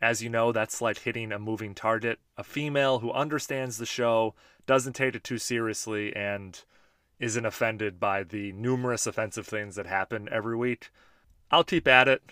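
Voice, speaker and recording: A man's voice: fairly low pitch, a bit bright, clear, resonant tone, no echo, clean studio sound. A man in his thirties hosting a podcast, chatting casually and joking while he answers listener voice memos. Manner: laid-back, chatty, joking. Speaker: podcast host.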